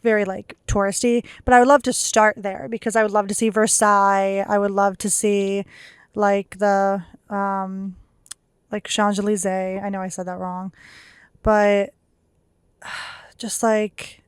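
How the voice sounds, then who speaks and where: A woman's voice: mid-range voice, level tone, a little slow, smooth, dry recording. A young woman co-hosting a podcast in casual chat, chatty and laughing often, with lots of "like" fillers. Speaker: podcast co-host.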